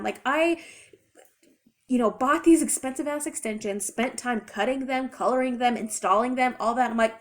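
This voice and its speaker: A woman's voice: a little high, brisk. Chatty young woman telling a story. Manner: chatty, rambling, expressive retelling. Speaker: vlogger. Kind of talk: casual storytime.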